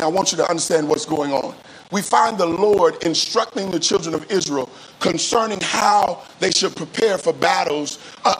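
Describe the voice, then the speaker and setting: High-voiced man preaching call-and-response. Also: slight background noise, poor audio. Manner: call-and-response preaching, drawn-out emphatic phrases; repeats words and restarts mid-phrase. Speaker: pastor. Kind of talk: sermon.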